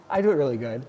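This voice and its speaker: There's slight background noise as a Wisconsin man chats on his livestream mid-cardio, cracking jokes and laughing often. His voice is warm and mid-range.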